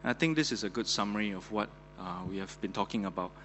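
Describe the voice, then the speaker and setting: A male pastor gives an earnest, chatty sermon full of fillers. His voice sits on the low side. It rings in a church hall over a faint hum. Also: quick pace, fairly bright tone. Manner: conversational, many fillers, earnest.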